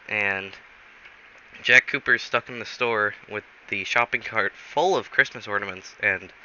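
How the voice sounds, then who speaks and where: A man telling an improvised story in a rambling, halting way, in a dull lo-fi recording. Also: fairly low pitch, bright, forceful tone, slight background noise. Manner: rambling, halting, many fillers.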